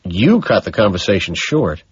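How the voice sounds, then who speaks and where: A man's voice: on the low side, sing-song, moderate pace, slightly rough, lo-fi sound, full character voice. A man voicing a vain, volatile young man in an audiobook, sneering and cold. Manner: cold, sneering, rising to anger. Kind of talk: audiobook character reading.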